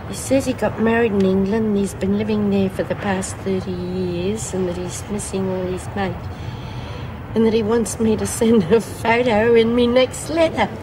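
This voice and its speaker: A woman's voice: medium pitch, moderate pace, natural voice. An actress playing a cranky, blunt older woman prisoner with a broad Australian drawl, in an old TV drama. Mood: fretting. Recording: old TV audio with steady hiss.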